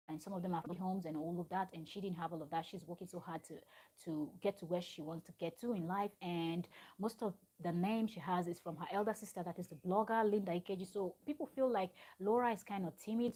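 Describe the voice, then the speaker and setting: A woman's voice: fairly low pitch, mellow, poor audio. A woman chatting at home as she recaps a reality show episode. Her talk rambles along with fillers and restarts. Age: adult parent of a small child. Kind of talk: casual recap chat.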